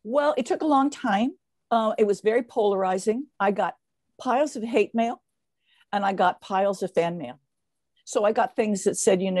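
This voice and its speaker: Older lady guest rambling through her stories, lots of ums, mellow and dry. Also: mid-range voice, normal speed, no room sound. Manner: lively storyteller with frequent fillers and restarts. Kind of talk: casual interview storytelling.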